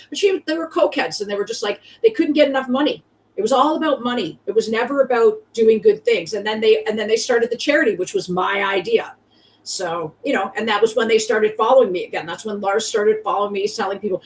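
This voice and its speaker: A woman's voice: fairly high pitch, fast talker, recorded from a distance, rough recording. A woman hosting a podcast, ranting in casual chat, profane and rambling with many fillers. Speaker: podcast host.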